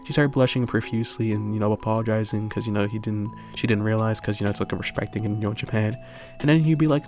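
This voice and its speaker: A man's voice: on the low side, fast talker, a little mellow, soft background music. A man improvising a fan story aloud in a rambling way, full of fillers and tag questions. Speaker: channel host.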